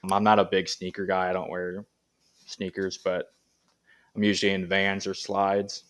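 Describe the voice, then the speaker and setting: Low-voiced man chatting easily. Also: normal speed. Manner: relaxed, rambling with many fillers. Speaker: Paralympic athlete guest. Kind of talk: casual interview chat.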